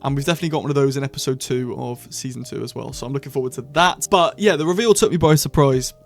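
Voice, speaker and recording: A man chatting excitedly as he reviews episodes of a TV series, full of quick asides. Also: mid-range voice, gravelly, faint music behind. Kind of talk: casual review monologue.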